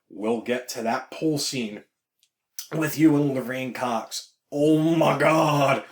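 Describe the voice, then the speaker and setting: Brief: man with a fairly high voice, blunt, profane, enthusiastic vlog review, echoey room. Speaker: vlogger reviewing a film. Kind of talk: casual opinionated review.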